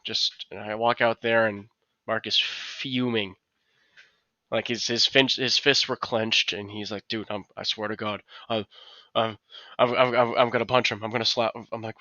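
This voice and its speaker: A man's voice: fairly low pitch, normal speed, no room sound, dull audio. A man on a podcast, telling a story casually and acting out what his coworkers said. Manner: animated, acts out quotes of coworkers. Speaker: podcast co-host.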